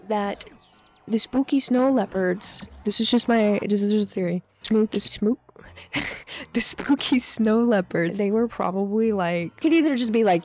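Casual gameplay commentary comes from a young woman YouTuber with a mid-range voice, excited and chatty about a game update and heavy on slang and fillers. She uses a handheld mic that clips and overdrives, recorded dull and lo-fi with faint music behind her.

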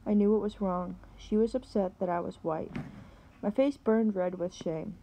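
A woman, a teacher, reading a novel aloud and pausing to explain words. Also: mid-range voice, mellow, slight background noise, poor audio.

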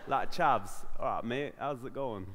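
A man's voice: medium pitch, measured pace, a bit bright, in a large hall, slight background noise, pitched below the performer's own voice, close to an everyday voice. A man putting on the voice of a blunt, cocky young chav. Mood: matey.

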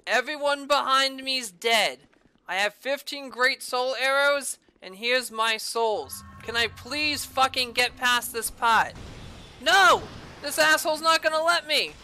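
A woman giving casual gameplay commentary as a let's play host, loud and exclamatory, swearing heavily. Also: high-pitched, a little slow, soft background music.

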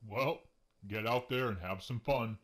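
A man's voice: mid-range voice, unhurried, fairly bright tone, close to an everyday voice. An actor voicing a folksy, easygoing male farmer in a video game, handing out advice.

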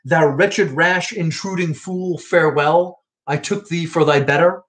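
A man's voice: fairly high pitch, a little slow, fairly bright tone, voice pushed up. A man reading the lines of a scornful young prince in verse.

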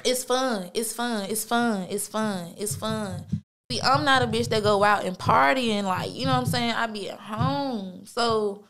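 A woman's voice: a little high, a little slow, a bit bright. Laid-back, foul-mouthed woman host. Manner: laid-back, slangy, heavy cursing, lots of fillers. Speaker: podcast host. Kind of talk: casual storytelling monologue.

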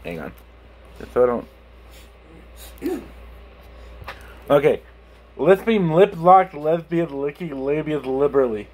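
A man's voice: on the high side, very animated, takes it slowly, long pauses, darkish tone, slight background noise. Giggly lisping young man. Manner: giggly, swearing, stumbling over words. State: lisping from a burned tongue. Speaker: YouTuber. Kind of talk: casual vlog chat.

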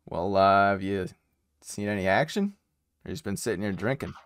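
A man's voice: low-pitched, moderate pace, smooth, no echo, studio quality. A man playing a tabletop game, talking in character casually and hesitantly with many fillers. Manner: hesitant, many ums and uhs. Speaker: player.

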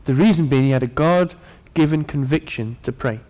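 A man preaching a sermon to his congregation, earnest and warm in tone, with playful asides to the people in front of him. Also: medium pitch, moderate pace.

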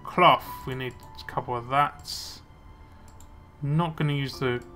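A man's voice: medium pitch, fairly even intonation, measured pace, sharp tone, soft background music. A young man casually commenting on his gameplay, muttering to himself as he plays. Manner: chatty, muttering to himself while playing. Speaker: let's play gamer.

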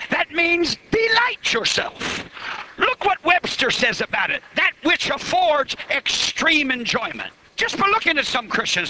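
Fiery high-pitched male preacher. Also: sharp tone, slight background noise, rough recording. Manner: fiery and emphatic, stretching key words. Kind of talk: revival sermon. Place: live church meeting.

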